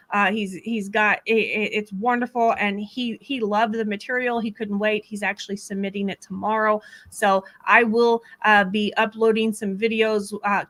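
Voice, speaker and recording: A woman's voice: on the high side, a bit bright. A woman from Texas hosting a casual livestream, reading viewer comments aloud in a chatty way, laughing often and using many fillers. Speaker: true crime host.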